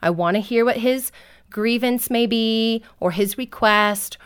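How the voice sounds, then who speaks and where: A woman's voice: on the high side, a little slow, clean tone. A woman talking about parenting in casual chat, earnest and taking things step by step. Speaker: parent guest on a parenting show.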